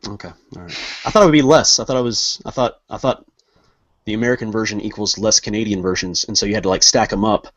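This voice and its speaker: A man co-hosts a casual podcast of banter among friends, joking, teasing them and rambling with lots of fillers. His voice is fairly low-pitched and fairly bright, and he speaks fast on a dull, dry, lo-fi recording.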